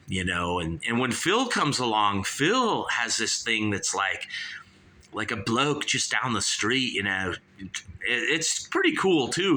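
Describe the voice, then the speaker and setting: A man with a fairly low but bright, forceful voice hosts his own show and gushes through an album review. He rambles and swears, and he keeps coming back to "you guys" and "dude". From California. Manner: excitable, profane, repeats "you guys" and "dude".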